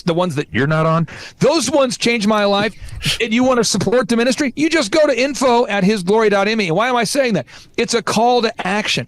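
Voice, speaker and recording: Male podcast host, high voice, emphatic preacher-like delivery, dry close mic. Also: no echo. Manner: emphatic, repetitive, exhorting. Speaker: podcast host and business coach. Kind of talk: impassioned preaching-style talk.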